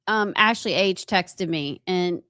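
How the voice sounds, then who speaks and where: A woman's voice: on the low side, takes it slowly, sharp tone, dry recording. Giggly rambling woman, dry mic. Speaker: talk show co-host. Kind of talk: casual chat.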